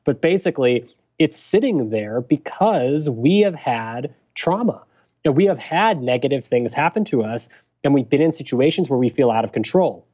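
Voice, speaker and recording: Male doctor guest, middle voice, calm explainer, slightly muffled lo-fi sound. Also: mid-range voice. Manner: measured, explanatory. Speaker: guest physician. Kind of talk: podcast interview.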